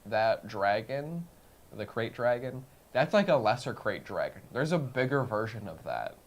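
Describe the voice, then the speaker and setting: A young man with a mid-pitched voice chats on a casual podcast. He jokes freely and cuts in with quick quips. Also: animated. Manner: joking, chiming in with quips. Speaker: podcast co-host. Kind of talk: casual chat.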